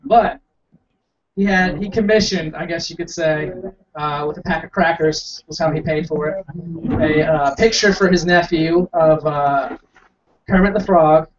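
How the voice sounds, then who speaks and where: A young man with a slightly high voice tells a long, rambling stand-up story, mocking himself and acting out each quoted line. He sounds far from the mic on a dull, lo-fi recording with faint room noise behind him. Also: measured pace. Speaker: stand-up comic. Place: small coffee house stage.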